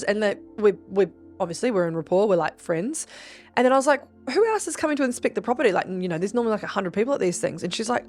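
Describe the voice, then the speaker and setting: Chatty woman podcaster, animated storytelling. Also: fast talker, faint music behind. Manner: chatty and animated, acting out quotes with big pitch jumps and frequent swearing. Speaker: podcast host. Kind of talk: casual storytelling monologue. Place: Gold Coast region.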